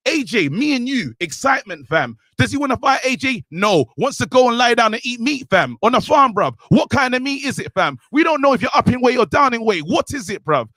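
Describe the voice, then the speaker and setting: A man's voice: very high voice, very animated, brisk, few pauses, pushed and bright, no echo. Fired-up man ranting. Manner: ranting, worked up, calls out a boxer directly. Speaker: podcast co-host. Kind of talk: heated rant.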